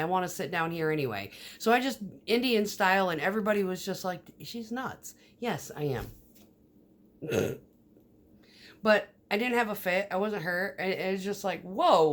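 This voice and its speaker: A woman's voice: on the low side, animated, moderate pace. A woman vlogger telling stories in a casual, rambling monologue, swearing often, with many fillers and restarts. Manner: profane, storytelling, frequent fillers and restarts.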